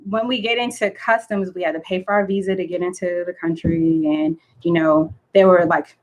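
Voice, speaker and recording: A woman, a guest, telling a story in a casual, excitable, chatty way with lots of fillers. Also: lowish voice, rough recording. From United States.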